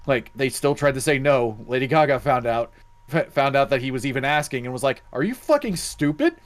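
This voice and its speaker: A man's voice: medium pitch, fairly even intonation, a little fast. Rambling man in casual panel chat. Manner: rambling, many restarts and fillers. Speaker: podcast co-host.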